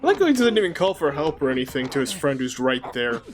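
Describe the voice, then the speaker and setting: A man's voice: mid-range voice, huge pitch swings. A man cracking jokes as co-commentator on a gameplay video. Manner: wisecracking, drawn-out delivery. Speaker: let's play co-commentator. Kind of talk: casual gameplay banter.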